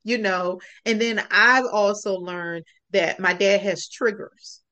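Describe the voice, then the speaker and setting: A woman speaks as a podcast guest, earnest and reflective. She tells a personal story at a measured pace, her voice sitting in a middle pitch. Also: fairly even intonation, pushed and bright.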